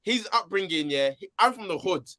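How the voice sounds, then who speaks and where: A man's voice: high voice, expressive, brisk, bright, forceful tone. A man with a London accent, chatting as a podcast guest over a remote call in an emphatic, joking way. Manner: emphatic, joking, with tag questions. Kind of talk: casual podcast chat.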